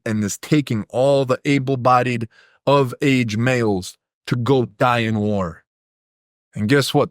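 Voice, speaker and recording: A man's voice: mid-range voice, no echo, clean studio sound. A man with Polish as his first language, a podcast guest talking casually, a blunt, profane, rambling storyteller.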